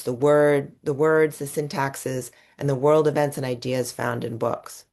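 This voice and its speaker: A woman giving a webinar presentation and explaining her slides step by step, with occasional restarts mid-word. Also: rumbling low. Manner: explanatory, talks through slides. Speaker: webinar presenter on reading instruction.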